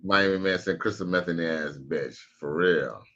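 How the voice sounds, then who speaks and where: A man's voice: low-pitched, moderate pace, bright, forceful tone, highs cut off. A man casually commenting on a live stream, slangy and profane, reacting to clips and reading out chat. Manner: laid-back, slangy, profane, reads out chat messages.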